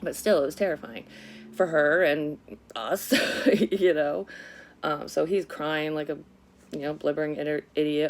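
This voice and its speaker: Low-voiced woman telling a story candidly. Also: steady tone, measured pace, slight background noise. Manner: candid and profane, with frequent swearing; rambling, self-correcting recollection. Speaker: psychic medium vlogger. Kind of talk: casual personal storytelling.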